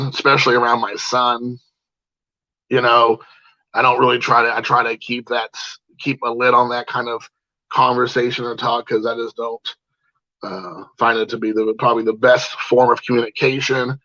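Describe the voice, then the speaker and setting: A man's voice: mid-range voice, pushed and bright, dry recording, lo-fi sound. A man telling a personal story in a casual monologue, rambling with lots of "uh" and restarts. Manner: rambling, many fillers and restarts.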